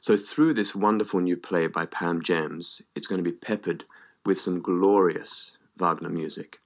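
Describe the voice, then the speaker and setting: A man's voice: deep voice, a little slow. A man, an actor and singer, speaking articulately as a radio guest and enthusing with words like wonderful. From Australia. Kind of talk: radio interview. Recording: dull lo-fi radio broadcast.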